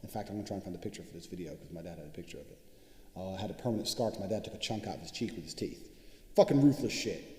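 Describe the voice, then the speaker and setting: A man's voice: low voice, racing, warm tone. A man delivering a boastful, profane monologue straight to viewers, in a casual self-promoting style. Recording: roomy with long reverb.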